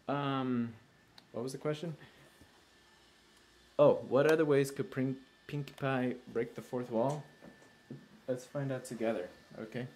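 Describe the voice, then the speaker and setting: A man hosts his own video show in one take, talking slowly and rambling with self-mocking asides. His voice sits at a middling pitch, and the sound comes from a laptop's built-in mic. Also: a little mellow, slight background noise. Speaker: show host. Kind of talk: casual unedited video chat.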